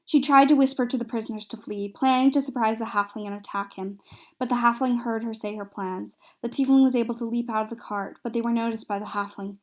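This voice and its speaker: A woman's voice: on the high side, steady tone, fast. A woman narrating a recap of a tabletop fantasy game, reading steadily with small slips and restarts.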